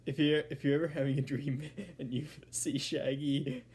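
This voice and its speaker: A man casually reviewing an animated film, rambling with self-corrections and chuckling. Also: a little high, moderate pace, slight background noise. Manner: rambling, fillers and restarts, chuckling.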